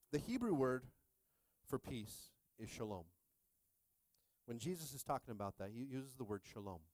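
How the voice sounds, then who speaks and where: Pastor, 30s, male, animated and jokey sermon delivery, close dry mic. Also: mid-range voice, measured pace, pauses often, dry recording. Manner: animated, jokey preaching with call-and-response.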